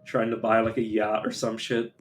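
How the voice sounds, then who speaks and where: A man's voice: fairly low pitch, completely flat delivery, moderate pace, a little hiss or hum. A man streaming a video game live, chatting casually in a rambling, profane, self-interrupting way.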